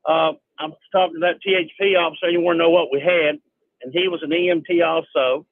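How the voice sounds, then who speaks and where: A man's voice: fairly high pitch, fairly even intonation, brisk, no echo. An older man calling into a radio show, telling a story in a plain, matter-of-fact way. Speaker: caller. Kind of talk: phone-in storytelling. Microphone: phone. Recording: tinny phone line.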